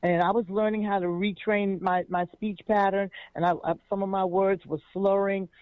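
Expressive woman on a tinny line. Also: medium pitch, moderate pace, no echo. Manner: expressive, repeats words when starting a thought. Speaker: interview guest, jazz singer. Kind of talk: animated personal storytelling. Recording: tinny phone-like line, dry.

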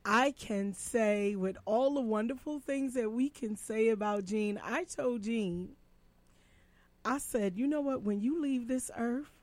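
A woman with a high voice recalls her time producing a show, telling stories with stammers and bursts of laughter. The sound is dry and close to the mic. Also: a little slow, a little mellow, dry recording. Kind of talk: casual remembrance chat.

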